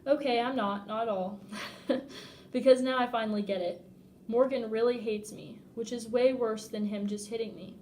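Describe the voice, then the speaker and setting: A woman reading a novel aloud in first person, expressive and often laughing at the text. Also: fairly high pitch, moderate pace, slight background noise. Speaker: audiobook reader.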